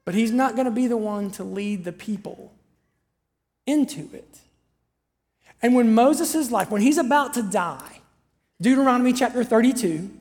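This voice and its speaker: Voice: medium pitch, a little mellow. A pastor preaching a sermon in a chatty, storytelling way, with frequent asides to the listeners. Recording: long hall reverb.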